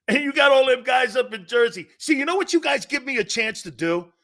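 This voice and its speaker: Loud, bright-voiced East Coast male host. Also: very high voice, lively intonation, fairly quick, creaky. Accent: East Coast American. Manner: loud, profane, often shouting. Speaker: sports talk show host. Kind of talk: sports talk show rant.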